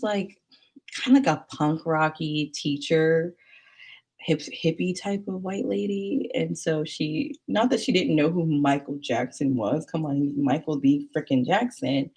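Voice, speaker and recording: A woman's voice: deep voice, darkish tone, husky. A woman telling stories in casual chat, rambling and chatty with many fillers.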